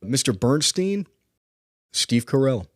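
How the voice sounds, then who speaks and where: A man co-hosting a podcast in a relaxed, casual film chat, often chuckling. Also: medium pitch, slow, no echo, studio quality. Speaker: podcast co-host.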